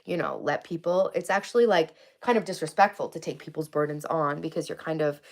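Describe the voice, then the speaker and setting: A woman's voice: deep voice, expressive, fairly quick. A woman hosting a casual livestream, teary and crying on and off, talking candidly and reading viewer comments aloud. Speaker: livestream host.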